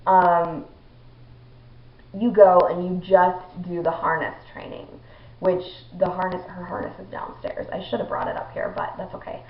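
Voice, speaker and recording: Speaking to camera indoors at home, this young adult vlogger shares a personal story casually, sprinkling in plenty of ums and likes. Her voice sits on the low side, delivered flatly at a normal speed. The room echoes and the audio sounds dull and lo-fi.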